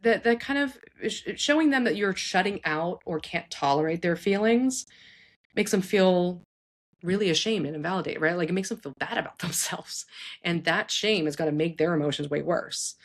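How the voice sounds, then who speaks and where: A woman's voice: fairly low pitch, moderate pace. A woman psychologist giving earnest, conversational advice to parents, often checking in with "right?". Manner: acts out quoted speech in shifted voices. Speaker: psychologist host.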